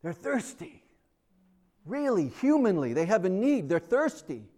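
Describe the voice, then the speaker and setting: Animated, expressive male preacher. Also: sits high, normal speed. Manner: animated storytelling, swinging from loud to hushed. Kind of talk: sermon.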